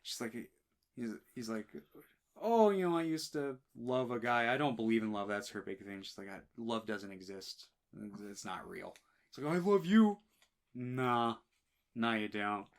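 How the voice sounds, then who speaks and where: A man's voice: fairly low pitch, normal speed. A man co-hosting a film podcast, chatting casually and swearing, retelling scenes in quoted voices. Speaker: podcast co-host.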